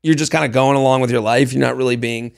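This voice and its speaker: Gravelly man in lively podcast chat. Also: mid-range voice, quick pace. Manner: animated, jokey, lots of restarts. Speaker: podcast co-host. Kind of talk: casual chat.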